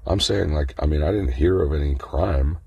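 Gravelly, very deep-voiced man ranting. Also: moderate pace, dark tone, no room sound, lo-fi sound. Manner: profane, agitated ranting. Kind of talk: casual unscripted monologue.

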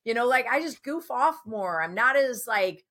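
A woman's voice: a little high, moderate pace. A woman who works as a personal trainer and health coach, talking with enthusiasm as a podcast guest. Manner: enthusiastic, animated storytelling. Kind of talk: casual podcast conversation.

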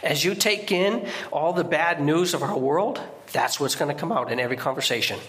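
A man's voice: on the high side, brisk, a bit bright. A middle-aged man giving a guest sermon in a church, preaching conversationally with restarts and sudden emphatic outbursts.

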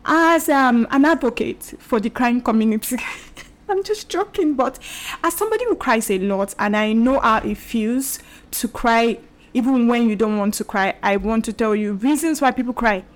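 Chatty young woman host, slightly high voice. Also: expressive, moderate pace. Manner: chatty, repetitive, with laughs and fillers. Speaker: podcast and video host. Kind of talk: casual solo talk to camera.

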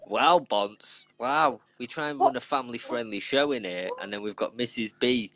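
A man's voice: mid-range voice, moderate pace, noisy background. A British man hosting a casual podcast chat, cheeky and laughing, swearing freely. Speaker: podcast host.

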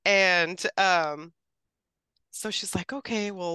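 Podcast guest, woman in her 30s, bright crisp voice, dry close sound, lively storyteller. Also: lowish voice, a little slow, no room sound. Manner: chatty, quotes others animatedly, laughs often. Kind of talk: casual storytelling.

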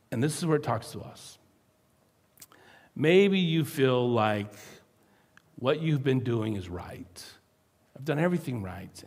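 Animated preacher in a reverberant hall. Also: male voice, on the high side. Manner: animated, acts out quoted voices. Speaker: pastor. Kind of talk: sermon.

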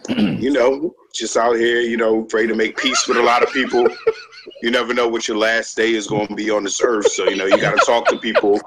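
A man's voice: medium pitch, steady tone, fairly quick, a bit bright, a little hiss or hum, rough recording. A man chatting as a podcast guest, easygoing and steadily arguing his point. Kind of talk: casual chat.

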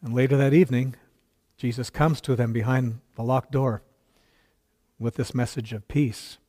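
A man's voice: mid-range voice, fairly even intonation, moderate pace, dark tone. A male pastor preaching a sermon, retelling a story earnestly with quoted dialogue and occasional stumbles.

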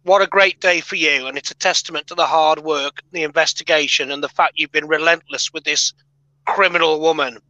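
A man's voice: fairly high pitch, fairly even intonation, fairly quick, sharp tone, no echo, rough recording. A man with a British accent, a guest on a casual livestream, talking in an effusive, joking way. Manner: effusive, jokey, congratulatory.

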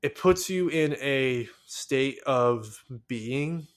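Young American man, solo podcast host; excitable, rambling casual delivery full of fillers. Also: mid-range voice, very slow.

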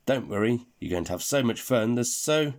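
A man's voice: medium pitch, lively intonation, moderate pace, close to an everyday voice. A man voicing a cheerful, chatty male spaceman guide in a read-aloud storybook, breezy and encouraging. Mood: cheery.

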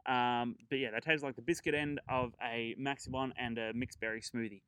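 A man's voice: medium pitch, steady tone, moderate pace, fairly bright tone, smooth, no echo, poor audio. A man hosting a travel podcast, chatting casually and rambling through his trip stories with fillers and chuckles.

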